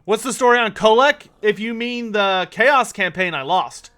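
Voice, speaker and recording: A man with a high-pitched, bright, forceful voice talks at a moderate pace while livestreaming a strategy game. He chats casually, thinks aloud, and answers viewer questions.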